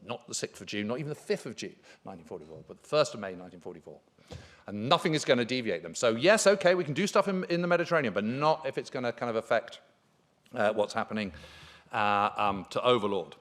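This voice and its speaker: A man's voice: medium pitch, animated, fast, a bit bright. Emphatic man lecturing on military history. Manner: emphatic, enthusiastic, frequent fillers. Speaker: conference speaker on military history. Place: conference hall.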